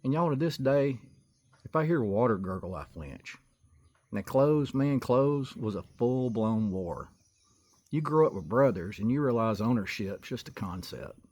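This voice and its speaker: A man's voice: mid-range voice, unhurried. A man telling comic childhood stories in a folksy, exaggerated way. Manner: folksy, exaggerated, building to excited outbursts. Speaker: storyteller comedian. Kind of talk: comic storytelling monologue.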